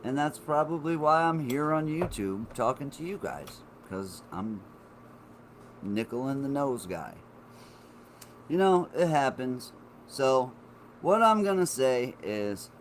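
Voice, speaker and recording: A man's voice: mid-range voice, lively intonation, slow, pauses often, a little hiss or hum. A man telling a funny personal story to the camera in a casual, profane, self-mocking way. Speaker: vlogger.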